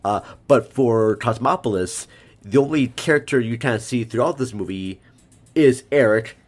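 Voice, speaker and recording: A man talking casually about a film in a rambling podcast chat, with lively asides. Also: mid-range voice, normal speed. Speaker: podcast guest.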